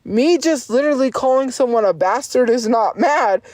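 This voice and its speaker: A woman's voice: fairly high pitch, lively intonation, moderate pace, a little mellow, dry recording. Defiant, foul-mouthed woman streamer. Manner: profane, insistent, defiant, repeats herself. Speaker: livestreamer. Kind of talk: livestream rant at chat.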